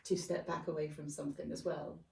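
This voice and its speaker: A woman co-hosting a podcast who reflects calmly and asks open questions in a casual interview. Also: low voice, a little fast, gravelly. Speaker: podcast co-host. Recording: echoey room, far from mic.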